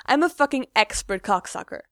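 A woman's voice: high-pitched, animated, fairly quick, fairly bright tone, no echo, clean studio sound, voice pushed up. A woman reading aloud, voicing a young man with a brash, swaggering manner. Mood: cocky.

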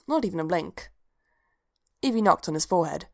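A woman reading fan fiction aloud in an even, unhurried storytelling manner. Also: fairly low pitch. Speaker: reader.

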